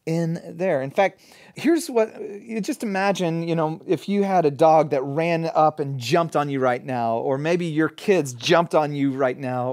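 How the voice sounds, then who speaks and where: Middle-aged male pastor, conversational sermon, earnest and animated. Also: a little high. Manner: earnest, animated, with everyday examples.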